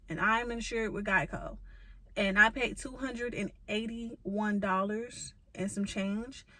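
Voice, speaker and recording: A young woman vents through a storytime vlog, exasperated and profane and full of emphatic rhetorical asides. Her voice sits a little high. The sound is dry and close, with no room echo. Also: bright, forceful tone. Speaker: vlogger.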